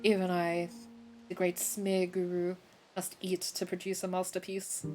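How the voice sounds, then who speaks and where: A pompous, hungry male painter creature holds forth in a grandiose, faintly posh voice, as a woman puts him on. The voice sits a touch low, with game music playing steadily underneath. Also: completely flat delivery, unhurried, a little mellow, natural voice. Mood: pleading. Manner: grandiose, theatrical, slightly posh.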